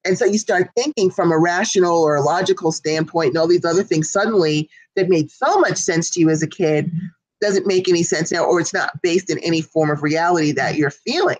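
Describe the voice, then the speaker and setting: Woman co-host talking straight to viewers, earnest and persuasive, lowish voice, dry sound. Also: a little fast, darkish tone, no echo, low-quality recording. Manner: earnest, persuasive, addresses the audience directly. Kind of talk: casual chat.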